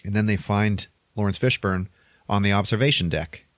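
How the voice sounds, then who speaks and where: A man with a deep, low voice retells a film's plot casually on a podcast, rambling and animated, tossing in little sound effects. The sound is dry and close, with no room around it. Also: normal speed, no room sound. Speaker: podcast host. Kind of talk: casual movie plot recap.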